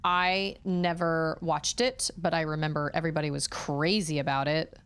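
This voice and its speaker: A woman's voice: sits low, flat delivery, moderate pace, smooth. A woman streamer chatting casually and thinking aloud while she plays a game. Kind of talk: casual gameplay chat.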